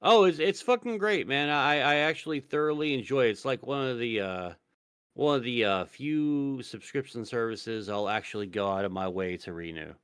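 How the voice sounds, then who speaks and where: Brief: male podcast host, mid-pitched, swears a lot, dry close mic. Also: normal speed, a bit bright, clean tone, no echo. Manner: profane, rambling, full of fillers. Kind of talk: casual chat.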